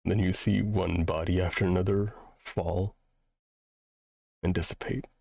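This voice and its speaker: A man narrating as a tabletop game master, describing a scene slowly with pauses. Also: low voice, fairly even intonation, creaky, dark tone, a little hiss or hum.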